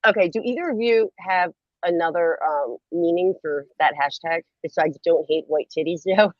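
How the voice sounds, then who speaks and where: A woman's voice: lowish voice, normal speed, no echo, highs cut off. A woman hosting a late-night livestream, chatting playfully, giggling and rambling. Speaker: livestream host. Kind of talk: casual late-night stream chat.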